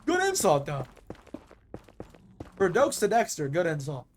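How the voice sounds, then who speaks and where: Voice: mid-range voice, wildly swooping pitch, measured pace, a little hiss or hum. A streamer chatting casually over live gameplay, rambling with lots of fillers and casual swearing.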